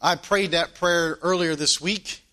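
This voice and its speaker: Male preacher, high and bright-toned, earnest sermon with storytelling and rhetorical questions. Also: fairly even intonation, unhurried.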